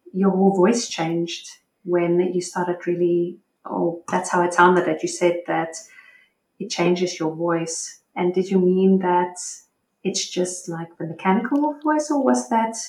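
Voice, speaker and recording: A woman interviewing a guest in a casual way, attentive and quick with short affirmations. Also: on the low side, darkish tone. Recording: echoey room with faint noise.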